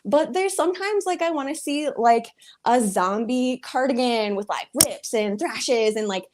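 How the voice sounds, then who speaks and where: Mujer joven relajada, voz algo aguda. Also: female voice, fairly high pitch, expressive, measured pace, a little hiss or hum. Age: young adult. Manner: easygoing, many fillers like "like". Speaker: guest crochet designer. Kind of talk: casual interview chat.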